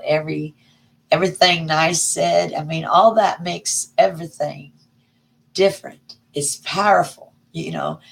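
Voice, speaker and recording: A middle-aged woman, chatting casually on a livestream and greeting viewers by name with folksy warmth. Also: low voice, gravelly. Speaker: livestream host. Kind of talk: casual live chat reading viewer comments.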